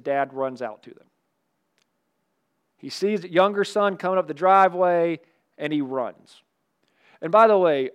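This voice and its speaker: Pastor, man, light high voice, chatty animated preaching with jokes. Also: smooth, highs cut off. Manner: animated, conversational preaching with asides and humor. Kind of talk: sermon.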